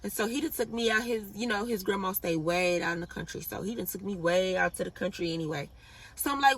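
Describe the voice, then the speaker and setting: A young woman vlogger telling a storytime in a casual, animated and profane way. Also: medium pitch, fairly quick, distant mic. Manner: animated, blunt and profane, laughs at her own story.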